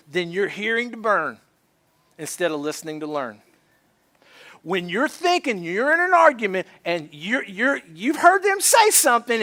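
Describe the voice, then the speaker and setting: A male pastor preaching a sermon, animated and acting out both sides of everyday arguments. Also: very high-pitched. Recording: church service.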